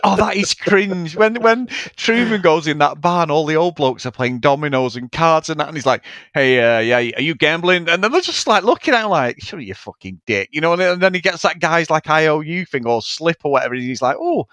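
A man's voice: fairly high pitch, fairly quick, hardly any pauses, no room sound. A man co-hosting a casual film review podcast, talking in a sweary, mocking way. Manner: sweary, animated, mocking impressions. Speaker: podcast co-host.

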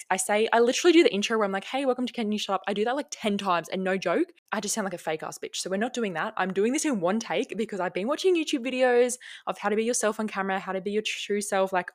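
A young Australian woman hosting her own podcast, chatting casually on a plugged-in mic, swearing freely and ranting. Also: medium pitch. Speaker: podcast host. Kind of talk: casual solo podcast chat.

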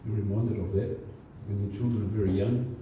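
A man's voice: on the low side, fairly even intonation, fairly quick, slight background noise. A man preaching a sermon as pastor, talking in a conversational way with many fillers and restarts. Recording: distant, roomy, dull church recording.

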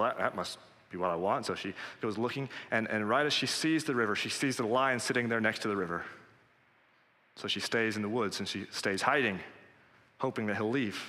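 A man's voice: lowish voice, sharp tone, in a large hall. A man preaching a sermon in an earnest, direct and conversational way, speaking straight to his listeners.

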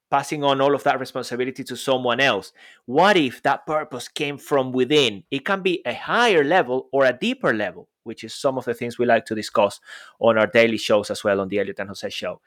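A man co-hosting a casual podcast about public speaking, talking with emphatic enthusiasm and asking rhetorical questions. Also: mid-range voice. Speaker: podcast co-host.

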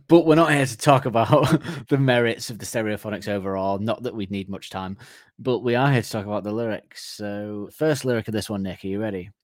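A man's voice: lowish voice, normal speed, no echo, clean studio sound. A man co-hosting a podcast in casual comedic chat, laughing often as he riffs on song lyrics. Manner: laughs often, acts out mock phone calls. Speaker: podcast co-host.

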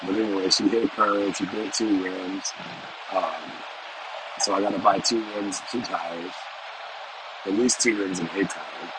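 A man's voice: sits low, fairly even intonation, unhurried, long pauses. Rambling middle-aged man with background noise. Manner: rambling and conversational, repeats himself, often asks "you know?". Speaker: vlogger and sales professional. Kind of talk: casual monologue to camera.

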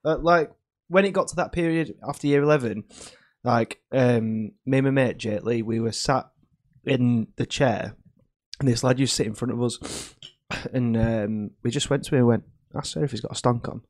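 A young man, a podcast co-host recalling school days in casual chat as an excitable, laughing storyteller. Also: mid-range voice, moderate pace.

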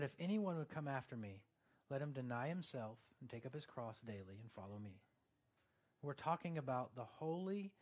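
A man's voice: medium pitch, darkish tone. A male pastor preaching a sermon in a conversational way, turning earnest and emphatic, with joking asides to the congregation.

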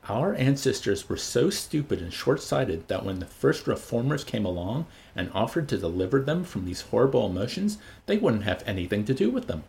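A man reading an audiobook voices an authoritative, urbane older male controller in a measured, lecturing tone. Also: medium pitch, sing-song, vocal fry, a little mellow.

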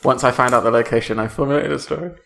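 Male podcast co-host, playful improviser, mid-pitched voice. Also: steady tone, rapid-fire, vocal fry, a bit bright, a little hiss or hum. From Devon, England. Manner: playful, laughing often, improvising a story aloud. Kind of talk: improvised comedy podcast chat.

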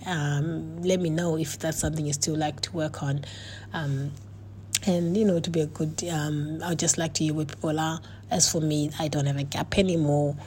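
A woman's voice: sits low, steady tone, normal speed, a little mellow, slight background noise. A middle-aged woman, a coach and author, talking earnestly to her viewers in a casual monologue, with many fillers and restarts.

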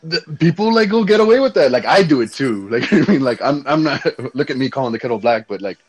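A man's voice: medium pitch, expressive, fast talker, slightly rough. Laid-back Texas Mexican-American guy. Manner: rambling, laid-back, swears freely, says dude a lot. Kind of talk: casual chat.

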